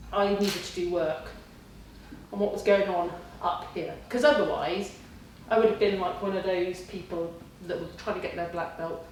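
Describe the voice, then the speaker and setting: A woman's voice: fairly low pitch, slight background noise. A woman in her forties telling a class the story of her kickboxing gradings, acting out her own inner voice and her family's lines. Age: 40s. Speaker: kickboxing student giving a talk. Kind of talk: speech to a class. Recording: distant and very echoey with faint ambience.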